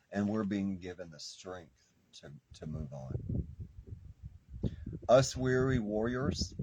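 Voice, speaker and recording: Slow, fervent man reading tarot. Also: fairly low pitch, background noise. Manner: fervent, preacher-like, repeats phrases for emphasis. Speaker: tarot reader.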